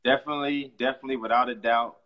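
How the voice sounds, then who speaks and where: A man talking in a casual live-stream chat about online marketing, emphatic and animated as he tells stories. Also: medium pitch, lo-fi sound. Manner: fast, emphatic, animated storytelling. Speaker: network marketer and guest.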